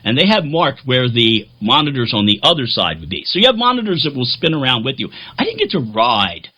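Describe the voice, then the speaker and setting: A man's voice: medium pitch, sing-song, a little fast, pushed and bright, husky. A man who plays keyboards in a band, telling a rambling, jokey, self-deprecating vlog story.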